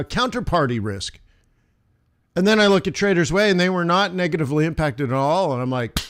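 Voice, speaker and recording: A man's voice: on the high side, no echo, studio quality. Chatty man hosting a live trading stream. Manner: chatty and emphatic, addressing viewers directly. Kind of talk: live-stream market commentary.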